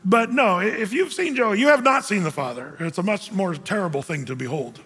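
A man's voice: sits high, expressive, fairly quick, a bit bright, slight background noise. A middle-aged male pastor preaching a sermon in a conversational, self-deprecating way, often restarting his phrases. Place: church hall. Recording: long hall reverb.

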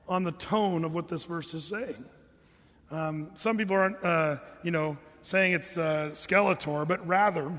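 A man preaching a sermon as pastor, animated and jokey, putting on mock voices to make his points. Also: high-pitched, long reverb tail.

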